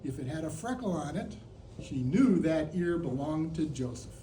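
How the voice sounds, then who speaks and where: In a slightly high, sing-song voice with a warm tone and normal pacing, this seventy-something Chicagoan theatrically spins a playful personal tale, parodying a sports announcer. A little hiss or hum is audible, and the distant mic picks up a roomy theater sound with faint ambience.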